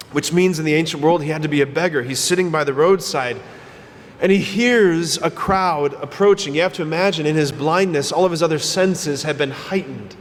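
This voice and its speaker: A priest delivers a sermon in a church, his voice sitting a little high. He tells the story with animation and slips into the voices of the people he quotes. Long reverb and faint room ambience hang around him. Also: slight background noise.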